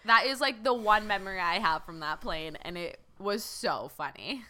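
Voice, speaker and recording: Bright-voiced giggly young woman. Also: medium pitch, animated, normal speed. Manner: giggly, playful anecdote-telling. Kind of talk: casual chat.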